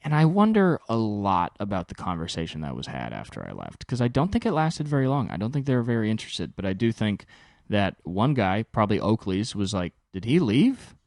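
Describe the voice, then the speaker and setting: A young man hosts his own podcast and tells a rambling story, animated and exasperated, with plenty of swearing. His voice sits fairly low but jumps all over in pitch. The sound is close and dry, with no room around it. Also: fairly quick, no room sound. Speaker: podcast host. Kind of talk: solo storytelling monologue.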